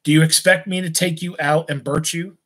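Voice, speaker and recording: A man's voice: on the high side, fairly even intonation, fairly bright tone, slightly rough. A man reading as a stern, lecturing farmer father. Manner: measured, lecturing, reasoning.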